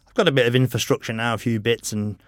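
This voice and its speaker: A middle-aged motorcycle racer, appearing as a podcast guest, tells rambling stories fast in a steady, medium-pitched voice. He swears freely and laughs often in this casual interview chat. The recording is dry and studio quality.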